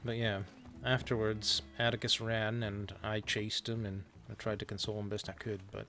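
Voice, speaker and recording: Low-voiced hesitant man role-playing. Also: little pitch movement, moderate pace, bright, forceful tone, a little hiss or hum. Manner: hesitant storyteller, many fillers. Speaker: roleplay streamer. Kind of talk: in-character western roleplay.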